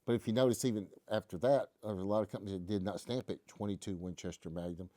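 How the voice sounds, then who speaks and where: Guy rambling in a gun shop, deep and mellow, dry sound. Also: fairly even intonation, fast talker, no room sound. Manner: folksy, joking, rambling explanations. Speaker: host. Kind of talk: casual live stream chat.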